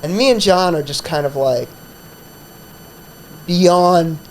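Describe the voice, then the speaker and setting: A man's voice: a little high, takes it slowly, a little hiss or hum, poor audio. A man who hosts a comedy podcast, telling a profane, rambling story in a casual chat full of fillers.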